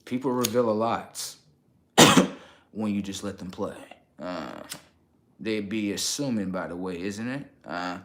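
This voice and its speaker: A man on a casual livestream, rambling in slangy street talk and checking in with his viewers, getting loud and high when worked up. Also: expressive, takes it slowly. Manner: rambling, repeats "okay" and "right" to the audience. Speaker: livestream host.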